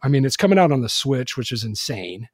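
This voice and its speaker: Speaking a little fast with big swings in pitch, this male podcast host chats casually and rambles, using many fillers. His voice is mid-range, and the recording is dry and studio-clean.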